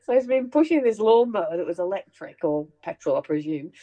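A middle-aged woman hosting a casual chat, telling family anecdotes in an animated way and laughing along. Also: on the low side, fairly quick, lo-fi sound. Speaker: host sharing family memories.

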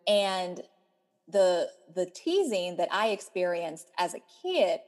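An American woman co-hosting a podcast, relaxed and frank, with casual swearing. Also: lowish voice, slow pace. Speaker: podcast co-host. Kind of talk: casual chat.

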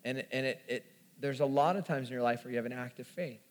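A man telling a self-mocking, animated story as part of a sermon. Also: mid-range voice, fast talker. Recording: long hall reverb.

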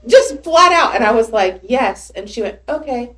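Animated woman telling family stories. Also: medium pitch, normal speed, few pauses. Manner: animated storyteller, voices her child's lines. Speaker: podcast guest. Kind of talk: casual chat.

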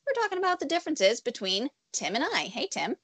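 A woman co-hosting a podcast in casual chat, easygoing and quick to laugh. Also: high-pitched, big pitch swings, a bit bright, no echo. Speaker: podcast co-host.

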